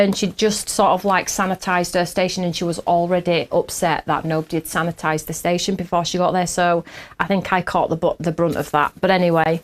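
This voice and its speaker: An English woman hosting a crafting podcast, telling a story in a chatty way, laughing often and acting out what others said. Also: lowish voice. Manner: acts out quotes in different voices. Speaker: podcast host. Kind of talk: casual chat with viewers.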